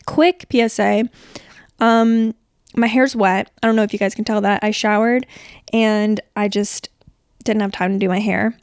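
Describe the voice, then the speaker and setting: A woman in her twenties hosting a casual solo podcast, chatty and rambling, her voice a little rough from being sick. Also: medium pitch, fairly even intonation, normal speed, dry recording, studio quality. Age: 20s. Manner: chatty, rambling, filler-heavy. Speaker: podcast host. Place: bedroom.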